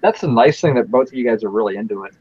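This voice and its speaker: A man hosting a casual chat show, talking in a relaxed, joking way and often restarting his sentences. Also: mid-range voice, rapid-fire, dull audio, slight background noise. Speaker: podcast host.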